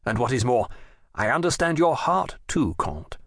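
A proud young king gives measured, commanding replies in a close, dry recording, as a male narrator puts him on. His voice carries a gravelly rasp at a middle pitch. He sounds certain of his own authority. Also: big pitch swings, fairly bright tone, no echo, exaggerated voice. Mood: firm. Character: young male king, firm and self-assured.

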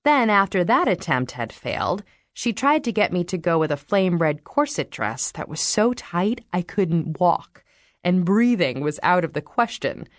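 A woman narrating an audiobook in the first person, reading in a wry, expressive way into a studio microphone. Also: lowish voice, measured pace, no room sound.

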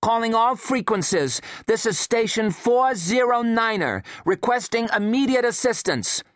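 A man voicing an anxious woman meteorologist making an urgent, pleading distress call in a much higher voice. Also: animated, a little slow, a bit bright, dry recording, clean studio sound, full character voice. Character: anxious woman meteorologist calling for help over radio.

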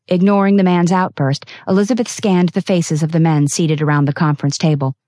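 A woman narrating a novel as an audiobook, reading in a steady, expressive way. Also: low voice, no room sound, studio quality. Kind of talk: scripted narration.

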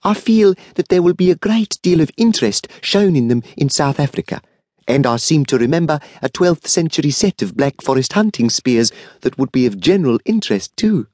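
A male audiobook narrator voicing a brisk, wealthy, businesslike woman of sixty who speaks crisply and decisively. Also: fairly high pitch, sing-song, darkish tone, no room sound, clean studio sound, voice pushed up. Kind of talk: audiobook character reading.

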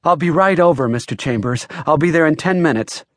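A man's voice: on the high side, lively intonation, brisk, dry recording, clean studio sound, pitched above the performer's own voice, close to an everyday voice. A man doing an eager young man on the phone, voice jumping up, pleading politely, for an audiobook. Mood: hurried. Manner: urgent, polite, says "sir". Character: excited, pleading young man of twenty-three.

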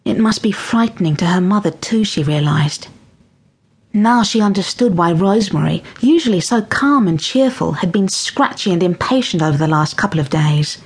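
A woman narrating a children's audiobook with expressive storytelling. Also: fairly low pitch, moderate pace, husky. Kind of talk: scripted narration of a children's book.

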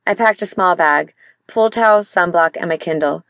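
A woman narrating a mystery audiobook in first person, calm and even. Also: lowish voice, moderate pace, no room sound, clean studio sound.

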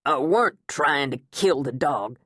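Female narrator doing a low, sullen teen boy intruder, ungrammatical and defensive, storybook read. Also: expressive, a little slow, a bit bright, dry recording, clean studio sound, full character voice. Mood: sulky. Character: scrappy teenage boy burglar, sulky.

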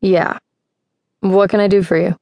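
A woman voicing a young, easygoing tattooed man in an audiobook, speaking in a relaxed, casual way. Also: mid-range voice, measured pace, no echo, close to an everyday voice. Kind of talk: audiobook character voice.

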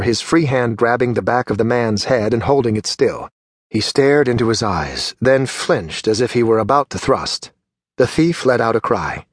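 Reading a fantasy novel from script, this male narrator keeps an even, measured pace at an ordinary middle pitch. The sound is close and dry, free of room tone and echo.

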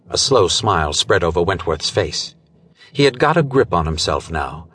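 A man narrating a pulp thriller audiobook in a dramatic, measured storytelling manner. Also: low voice, very animated, a bit bright, breathy edge. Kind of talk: scripted narration.

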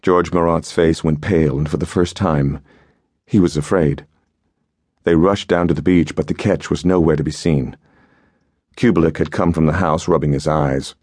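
A man narrating an adventure story in a measured, steady audiobook reading. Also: a bass voice, no room sound, studio quality. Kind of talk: scripted narration.

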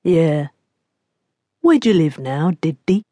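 A woman narrator voicing a leering young male thug who speaks low, slow and threatening in an audiobook. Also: animated, dark tone, husky, no echo, exaggerated voice.

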